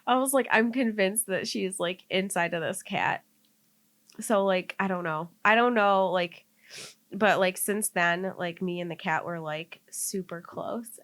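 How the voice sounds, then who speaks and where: This young co-host has a mid-range voice that's a bit bright. On the podcast she tells a personal story in a casual, rambling manner, using "like" a lot and both laughing and tearing up.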